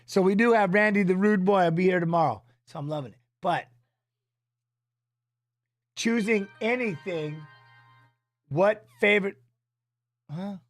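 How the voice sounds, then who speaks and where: A man's voice: high-pitched, unhurried, pauses often, dry recording, studio quality, soft background music. A middle-aged man hosting a casual livestream from his home office, chatting loosely while watching fights. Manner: rambling, loose, drops filler tags. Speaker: streaming host and former fighter.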